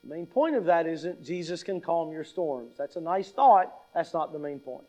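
A man's voice: fairly high pitch, expressive, moderate pace, darkish tone, faint music behind, low-quality recording. A pastor preaching a sermon in an emphatic way, repeating key lines and asking his listeners questions.

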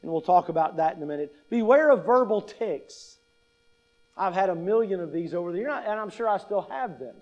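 A man's voice: high-pitched, expressive, brisk, a little mellow, dull audio. A pastor in his fifties gives a conversational teaching talk, often asking "right?" and adding wry humor. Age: 50s. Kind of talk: teaching talk on public speaking.

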